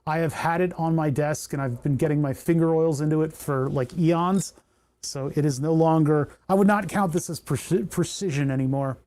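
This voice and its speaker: Mellow-voiced man soldering on a livestream. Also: on the high side, moderate pace. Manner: thinks aloud and talks to the parts he works on. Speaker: electronics livestreamer. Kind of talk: casual livestream commentary while soldering.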